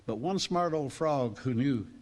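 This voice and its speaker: Speaking at a measured pace with a mid-range voice, this preacher addresses a class. He tells stories with energy and gives each quoted voice its own performance.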